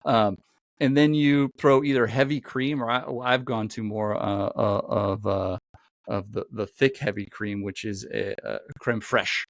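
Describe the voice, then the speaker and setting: A man's voice: fairly low pitch, fairly even intonation, measured pace, dry recording. A man hosting a podcast, chatting casually and telling a long rambling story. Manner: rambling storyteller, lots of fillers and restarts. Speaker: podcast host. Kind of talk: casual chat.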